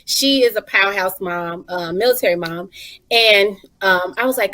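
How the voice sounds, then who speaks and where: A woman in her thirties, a guest on a talk show, telling stories in a lively, colloquial and expressive way. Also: mid-range voice, moderate pace. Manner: animated, expressive storyteller, colloquial. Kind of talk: casual talk-show chat.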